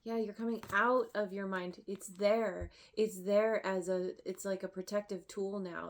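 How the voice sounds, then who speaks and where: Slow, emotional woman tarot reader. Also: mid-range voice, steady tone. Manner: emotional, effusive, halting with restarts and laughs. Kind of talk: tarot reading to camera.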